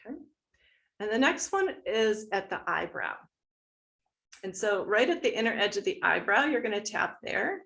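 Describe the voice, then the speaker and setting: Gentle woman guiding a tapping meditation. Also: medium pitch, lively intonation, creaky. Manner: gentle, instructive, slow and soothing.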